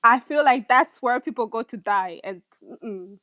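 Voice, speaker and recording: A woman's voice: a little high, unhurried, sharp tone, no echo, highs cut off. A woman chatting casually on a live video call, laughing often and self-conscious about her own voice. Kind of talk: casual live-stream chat.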